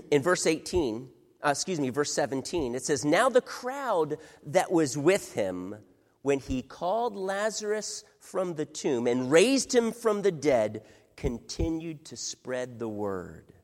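Male pastor, high lively voice, unhurried dramatic sermon delivery, long hall reverb. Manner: dramatic, swings from hushed to loud, acts out quoted voices.

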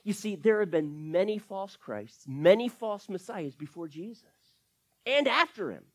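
A pastor preaching with a lively, swooping voice that rises and falls widely. The voice sits at a middle pitch and keeps asking the congregation questions while explaining scripture verse by verse. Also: unhurried. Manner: animated preaching with rhetorical questions. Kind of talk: sermon.

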